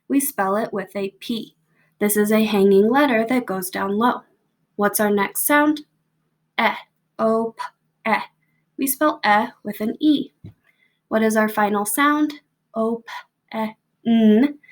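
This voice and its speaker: A young American woman teacher recording a patient, step-by-step spelling lesson for families. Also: a little high. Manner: patient, slow, step-by-step prompting. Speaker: second grade teacher. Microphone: home video recording.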